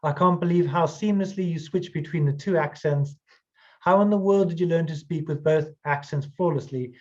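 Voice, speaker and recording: A man's voice: fairly high pitch, normal speed, darkish tone, highs cut off. A male interviewer reading audience questions aloud, hesitant with many fillers.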